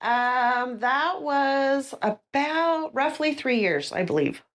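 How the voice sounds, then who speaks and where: A woman's voice: high-pitched, animated, slow pace, a bit bright. Middle-aged female guest, earnest and sincere, casual conversation. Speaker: guest, insurance agent.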